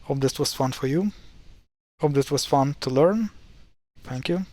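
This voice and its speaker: A man's voice: mid-range voice, darkish tone, slight background noise, rough recording. A man with a Ukrainian accent casually explaining how words are pronounced, stopping and correcting himself often. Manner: halting, self-correcting, thinks aloud. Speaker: language teacher.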